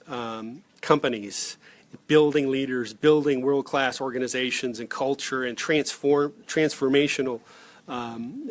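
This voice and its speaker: A man in his forties, a leadership coach talking casually to camera in an earnest, rambling way with lots of fillers and restarts. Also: mid-range voice. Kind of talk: casual direct-to-camera vlog.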